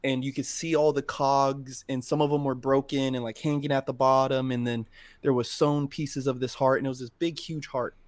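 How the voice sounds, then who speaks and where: A man's voice: mid-range voice, flat delivery, normal speed, no echo. A man co-hosting a podcast, telling a personal story in casual, emotional talk with plenty of swearing. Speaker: podcast co-host. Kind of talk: casual chat.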